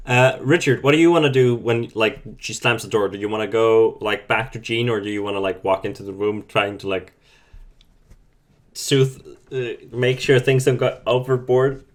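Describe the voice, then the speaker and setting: A man's voice: medium pitch, moderate pace. A man running a tabletop role-playing game over a call, narrating loosely with many fillers. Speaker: game master. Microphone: remote call mic.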